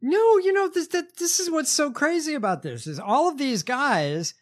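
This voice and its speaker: A man hosting a podcast in casual chat, halting and wry. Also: extremely high pitch, expressive. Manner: halting, many fillers, wry. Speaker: podcast host.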